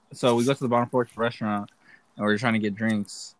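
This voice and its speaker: A man's voice: medium pitch, expressive, fairly quick, darkish tone, dry recording. Rambling young man telling barracks stories. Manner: rambling, profane, laughs a lot. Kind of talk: casual chat.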